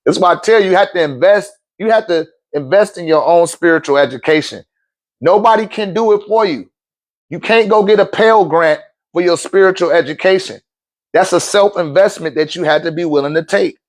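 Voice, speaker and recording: A man's voice: high voice, brisk. A middle-aged man in a laid-back, slangy storytelling monologue, chuckling often. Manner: laid-back slang, frequent chuckles, acts out quoted voices. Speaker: spiritual talk show host.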